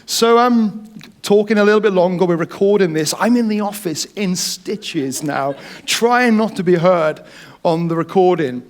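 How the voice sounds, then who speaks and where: Male preacher, higher voice, lively jokey storytelling sermon. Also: normal speed. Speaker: pastor.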